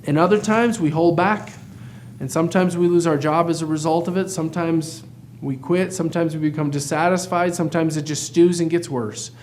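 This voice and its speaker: A practice coach from the United States with a high, light voice delivers a motivational talk, earnest and emphatic, repeatedly asking his listeners rhetorical questions. His delivery is brisk and steady, a little mellow, with a slight hiss or hum in the audio.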